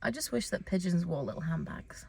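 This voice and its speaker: A woman's voice: fairly low pitch, animated, brisk, creaky, warm tone, slight background noise. A young woman co-hosting a comedy podcast, teasing and swearing as she argues in casual chat. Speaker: podcast co-host.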